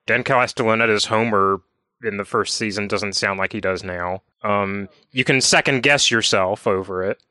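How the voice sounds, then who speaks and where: A man co-hosting a podcast, chatting casually and telling anecdotes in a measured, explaining way. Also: on the low side, pushed and bright, no echo. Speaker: podcast co-host.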